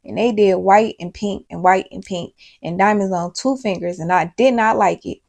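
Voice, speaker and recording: A chatty, well-spoken little girl with a gravelly edge, talking in a matter-of-fact way, as a woman quotes her while telling a story. The voice sits at a middle pitch. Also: moderate pace, darkish tone.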